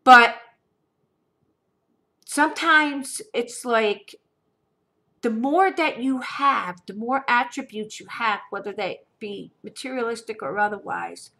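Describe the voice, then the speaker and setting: A woman's voice: on the high side, slow pace, bright, forceful tone. A woman vlogger telling a personal story in an emphatic, indignant way, often checking in with "okay?". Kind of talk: casual storytelling to camera.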